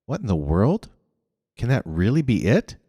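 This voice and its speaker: A man's voice: fairly low pitch, wildly swooping pitch, normal speed, mellow, slightly rough, dry recording, clean studio sound, voice pushed up, exaggerated voice. A man voicing a careful, worried young boy in a storybook reading.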